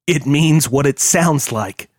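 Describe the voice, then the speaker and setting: A man's voice: on the high side, dry recording, clean studio sound. A man voicing a volatile, heavyset male hacker who hisses and rants in bitter, profane outbursts. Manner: hissing, ranting, drawn-out bitter outbursts.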